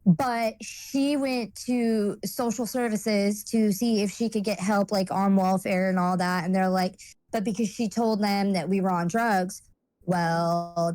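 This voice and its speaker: A woman's voice: mid-range voice, fairly even intonation, measured pace, a little mellow, no echo. A woman speaking as a guest and telling a personal story in a blunt, rambling way, with lots of fillers and swearing.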